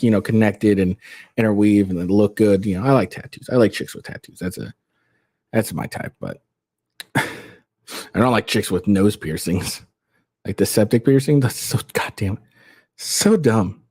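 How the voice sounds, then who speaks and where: A man's voice: lowish voice, normal speed, darkish tone, dry recording. A young man hosting his own commentary show, rambling casually with frequent restarts. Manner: rambling, repeats words, laughs between points. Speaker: show host.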